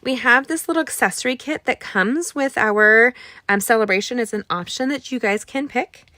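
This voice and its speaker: A woman hosting a live card-making tutorial, chatting warmly with her viewers and reading their comments as she works. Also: on the high side, moderate pace, no room sound, studio quality. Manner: bubbly, talks to viewers directly, reads out chat; gets emotional when talking about a late friend. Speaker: card-making instructor and live-stream host.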